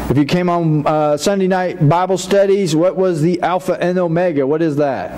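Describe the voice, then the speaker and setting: A man's voice: fairly high pitch, moderate pace, few pauses, mellow, a little hiss or hum. A male pastor preaching a sermon in a folksy, conversational way, with frequent restarts and casual asides. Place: church.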